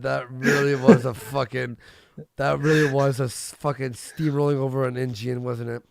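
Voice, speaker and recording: A man's voice: medium pitch, little pitch movement, normal speed, creaky, crowd noise. A man hosting a livestream in a crude, joking way with frequent laughter. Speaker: livestream host. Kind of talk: casual livestream commentary.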